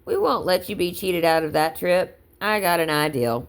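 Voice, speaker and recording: A woman reading aloud and voicing a big, friendly male cowboy guide who talks in a gentle, persuasive drawl. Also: fairly low pitch, normal speed, close to an everyday voice. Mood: salesy.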